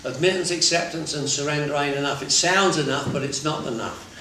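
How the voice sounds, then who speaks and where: Pushed and bright, his voice sits on the high side and moves a little fast as he addresses a recovery group bluntly and conversationally, mixing in laughter and side remarks. The recovery workshop speaker is in a meeting room, and the far-off mic picks up heavy echo and faint background noise.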